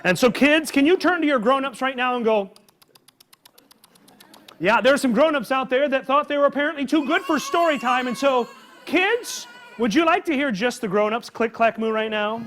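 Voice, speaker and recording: A man hosting a live children's story time, talking with animated energy and calling out questions for the kids to answer. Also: very high voice, moderate pace. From Midwest farm upbringing. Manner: animated, call-and-response with children. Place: public library event with a live audience.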